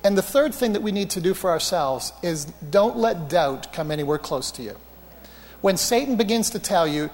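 Male preacher, high voice, storytelling sermon, long hall reverb, animated anecdotes. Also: brisk, a little hiss or hum. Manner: anecdotal, animated, self-mocking humor.

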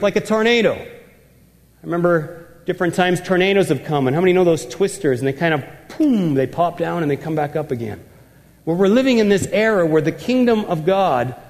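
A man delivers a sermon in a notably high voice, emphatic and repeating words for effect. His voice carries a long reverb, as if filling a large church hall. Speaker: pastor.

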